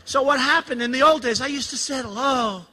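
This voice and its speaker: Man in his sixties, rally speech, very bright voice, high pitch, boastful, repetitive, digressive. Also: quick pace, slight background noise. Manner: boastful, repetitive, digressive, asks the crowd questions. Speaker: campaign speaker. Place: event hall with audience.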